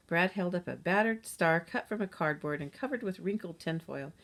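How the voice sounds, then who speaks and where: Female storybook narrator, steady, gentle read-aloud, lowish voice. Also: fairly quick, few pauses.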